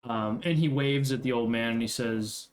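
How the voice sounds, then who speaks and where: A man's voice: mid-range voice, fairly even intonation, normal speed. Rambling young male game master. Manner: rambling, casual, many fillers and asides. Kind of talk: narrating a tabletop game.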